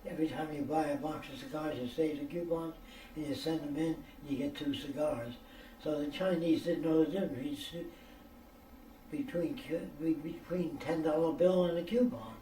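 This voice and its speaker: A man's voice: on the high side, normal speed, dark tone, a little hiss or hum. An older American man telling stories in a rambling, lecture-like way, blunt and profane, often checking whether listeners understand. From United States. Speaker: speaker answering questions. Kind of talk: rambling lecture-style storytelling. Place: private room for a question session. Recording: echoey room, mic at a distance, faint ambience.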